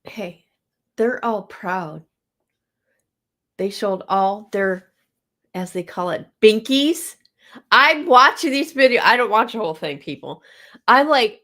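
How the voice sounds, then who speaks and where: A woman's voice: medium pitch, expressive, slow, long pauses, fairly bright tone. An older woman hosting a casual livestream, talking bluntly with exasperation, stammering and breaking into laughter. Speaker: livestream host.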